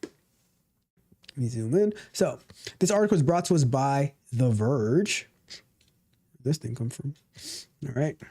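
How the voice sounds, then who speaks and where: A tech livestream host reads a news article aloud casually, talking to himself, repeating words and grumbling at the website as he goes. His voice is fairly high-pitched with a dark tone.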